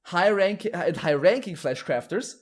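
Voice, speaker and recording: Guy on a podcast rambling through an explanation, kinda high voice, restarts a lot, swears casually. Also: expressive, measured pace. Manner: explains at length, with many restarts and some laughing. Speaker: podcast host explaining lore.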